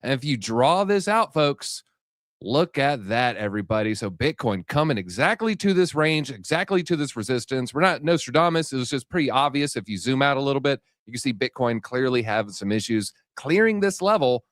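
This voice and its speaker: A man's voice: mid-range voice, sing-song, a bit bright, no echo, clean studio sound. Out-of-breath hyped crypto show host man. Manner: hyped, rapid-fire, addresses viewers directly. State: slightly out of breath. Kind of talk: energetic live-stream market commentary.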